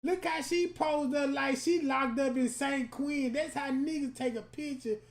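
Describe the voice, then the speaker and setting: A man giving profane comedic roast commentary that is loud, crude and mocking, with sudden shouts. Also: very high-pitched, fairly even intonation, unhurried, gravelly. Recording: roomy echoey room.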